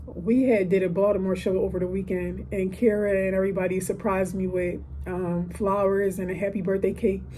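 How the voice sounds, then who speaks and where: A woman's voice: mid-range voice, little pitch movement, fairly quick, few pauses, mellow, slight background noise. A woman in her thirties talking casually and emotionally about gratitude from a hotel room, with asides like "listen" and "okay". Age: 30s. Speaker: podcaster. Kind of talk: casual heartfelt monologue.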